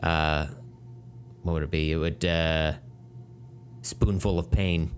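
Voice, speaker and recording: A man's voice: very deep voice, steady tone, slow, a little hiss or hum. A man from Oklahoma co-hosting a podcast, joking and rambling in casual chat.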